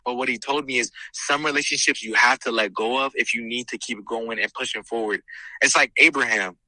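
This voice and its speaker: Earnest young man, bright close voice. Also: medium pitch, fairly quick, no echo, poor audio. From California. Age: young adult. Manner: earnest, animated storytelling with preacher-like emphasis. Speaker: guest, host's son. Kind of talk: casual faith conversation.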